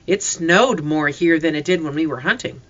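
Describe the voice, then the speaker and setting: A reader voicing a cheerful farm father in an audiobook, with a hearty, lively delivery. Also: medium pitch, normal speed, lo-fi sound, natural voice. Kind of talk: audiobook character voice.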